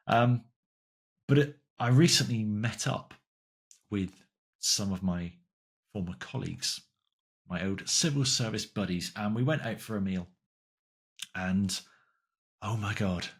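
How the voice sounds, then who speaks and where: A man's voice: low-pitched, breathy edge. A man hosting a podcast, talking casually in a monologue with frequent fillers and emphatic repetition. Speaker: podcast host.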